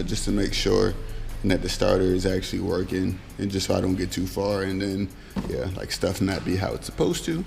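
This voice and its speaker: Young male car vlogger, relaxed and slangy, gravelly low voice, faint music under. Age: young adult. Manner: laid-back, slangy, lots of fillers. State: losing his voice, coughing. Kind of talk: casual how-to vlog.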